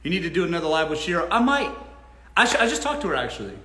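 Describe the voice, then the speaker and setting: Animated, high-voiced, blunt male host. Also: rapid-fire. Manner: blunt, animated, swears freely. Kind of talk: casual live Q&A. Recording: roomy echo.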